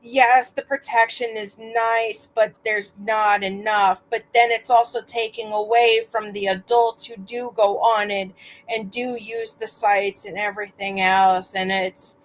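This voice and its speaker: Slow-talking woman podcast guest. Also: mid-range voice, little pitch movement, low-quality recording. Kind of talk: casual podcast interview.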